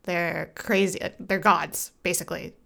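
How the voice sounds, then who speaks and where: A woman's voice: fairly low pitch, fairly even intonation, unhurried, gravelly, bright, forceful tone. A woman co-hosting a casual anime podcast, chatty with many fillers and frequent laughs. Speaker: podcast co-host. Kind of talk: casual chat about anime.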